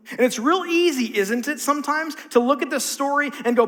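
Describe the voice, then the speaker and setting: A man's voice: extremely high pitch, sing-song, quick pace, creaky, few pauses, fairly bright tone, big-room sound. A man preaching a conversational sermon as a pastor, acting out the voices in his story. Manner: conversational, acts out quotes.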